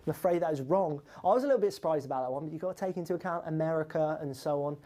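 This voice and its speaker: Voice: medium pitch, very fast, warm tone. A quiz host running a live online quiz, reading out questions and scores in a chatty, teasing, upbeat way.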